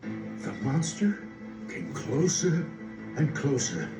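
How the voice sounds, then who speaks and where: A man reading a picture-book story aloud in an expressive, playful way, teasing his listeners. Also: mid-range voice, takes it slowly. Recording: roomy, distant sound with music.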